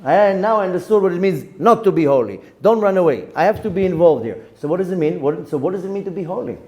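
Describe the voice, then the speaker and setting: Animated rabbi teaching with a mellow voice. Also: male voice, high voice, quick pace. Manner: animated, repeats words, acts out quotes in the story. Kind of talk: Torah lesson with storytelling.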